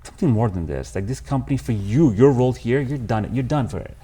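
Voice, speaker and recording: A man's voice: medium pitch, lively intonation, quick pace, warm tone, breathy edge. A man, a podcast guest telling his life story candidly and emotionally, calling the host "bro". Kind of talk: casual storytelling interview.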